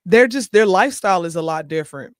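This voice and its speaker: Brief: higher-pitched male host, chatty, laughs a lot, reads comments to the camera. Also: lively intonation, fast, a bit bright, no echo, studio quality. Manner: chatty, laughs often, talks to viewers directly. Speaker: show host. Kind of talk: casual chat, reading viewer comments aloud.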